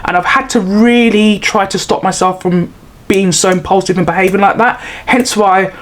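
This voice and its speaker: A woman's voice: medium pitch, steady tone, normal speed. A middle-aged woman, chatting to camera in a rambling, self-mocking way. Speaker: vlogger. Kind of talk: casual chat to camera.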